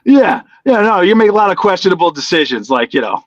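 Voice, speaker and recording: A laid-back male comedian chats as a guest and laughs easily. His voice is a little high for a man. The sound is slightly dull and dry. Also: big pitch swings, quick pace, no echo. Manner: laid-back, laughs often, says yeah a lot. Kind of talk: casual chat.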